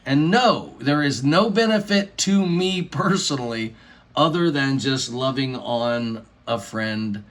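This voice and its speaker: A middle-aged man talks casually into his phone for a vlog. He meanders, restarts, and fills gaps with ums. He sounds earnest and chuckles often, in a voice of ordinary pitch. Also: slow. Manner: meandering, lots of fillers and restarts; warm, earnest, laughs between phrases. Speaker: YouTuber.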